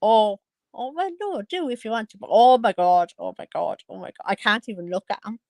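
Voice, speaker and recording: A woman's voice: mid-range voice, sing-song, brisk, gravelly, darkish tone, no echo. A woman, gossiping casually about online videos and exclaiming often. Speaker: commentary vlogger. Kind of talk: casual chat.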